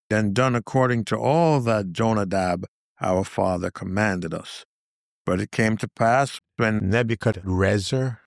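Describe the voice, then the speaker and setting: A man giving a scripted Bible reading in measured, deliberate short phrases. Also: on the low side, no room sound, studio quality. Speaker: scripture reader.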